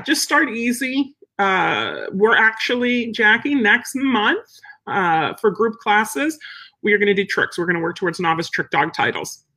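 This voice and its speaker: A woman with a medium-pitched, sharp-toned voice works as a dog trainer, answering viewer questions in a casual live teaching session. She's chatty and plain-spoken, and she acts out quotes as she talks.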